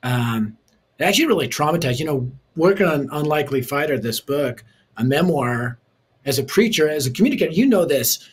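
A man who is a preacher and author, telling his life story as a guest in an interview in a lively, punchy way with touches of humor. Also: on the high side, brisk, breathy edge.

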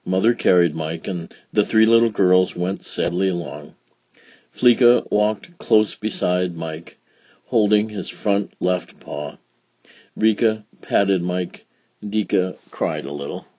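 A man reading a children's picture book aloud in a slow, expressive, gentle storytelling manner. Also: low-pitched, slightly rough, no room sound. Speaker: storybook reader.

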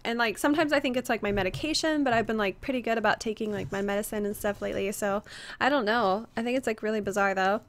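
A woman's voice: medium pitch, fast talker, slight background noise. A young woman streaming a game, chatting casually with viewers, greeting them by name and reading their chat aloud, her voice a little strained. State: slightly strained voice, resting it. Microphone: headset.

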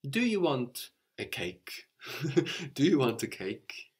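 A man's voice: mid-range voice, sing-song, slow, slightly rough. A man teaching a language lesson, explaining step by step in a patient way and often checking in with a questioning "no?".

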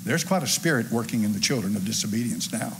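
A man, preaching a sermon to a church congregation in a folksy, animated way with asides to the crowd. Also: on the low side, quick pace, vocal fry, background noise. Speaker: pastor. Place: church sanctuary.

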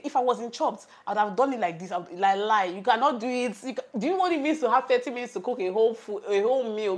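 A young woman with a Nigerian accent, chatting and laughing as she tells stories while cooking for her vlog. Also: on the high side. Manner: animated, laughing, chatty storytelling. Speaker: vlogger. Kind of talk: casual chat while cooking.

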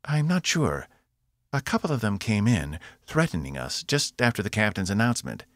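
Man doing an alien woman doctor, higher voice, gravelly undertone, audiobook. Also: sing-song, moderate pace, fairly bright tone, no room sound, studio quality. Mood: uncertain. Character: alien female doctor with four hands.

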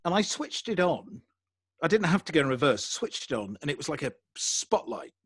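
Lively English man telling a story. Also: fairly high pitch, normal speed, slightly rough, no room sound, clean studio sound. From England. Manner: animated, self-deprecating storyteller. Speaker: podcaster guest. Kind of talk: casual storytelling interview.

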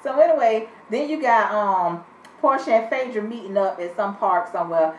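A woman's voice: mid-range voice, animated, moderate pace, a little mellow, slight background noise. A woman giving a blunt, sassy, profanity-filled review of a reality TV episode, laughing often. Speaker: reality TV recap vlogger. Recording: echoey room, distant mic, muffled sound.

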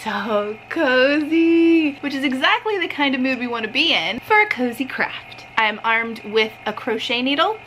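A woman's voice: high-pitched, lively intonation, normal speed, few pauses, fairly bright tone, faint music behind, rough recording. A young woman from Ohio chatting bubbly and casually as she shows her shopping haul and crafts in her vlog. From Ohio, USA. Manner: chatty and bubbly, often laughing. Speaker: vlogger.

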